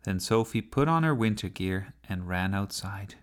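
A man narrating a children's story with a gentle, unhurried reading style. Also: lowish voice, expressive.

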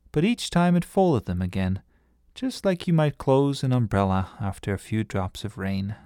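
Calm man reading a storybook, low and dry. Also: dry recording. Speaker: narrator.

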